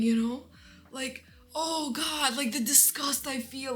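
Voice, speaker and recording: A woman's voice: high voice, unhurried. A woman telling an emotional story-time rant, rambling and full of restarts, with bitter laughter breaking through her anger. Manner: rambling, restarts often, lots of "like" and "you know". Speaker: vlogger.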